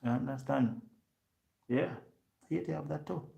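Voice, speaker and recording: Gravelly Jamaican man telling a story. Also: mid-range voice, a little slow, dull audio. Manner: animated patois storytelling, acts out other people's lines. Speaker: vlogger. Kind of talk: casual storytelling to viewers.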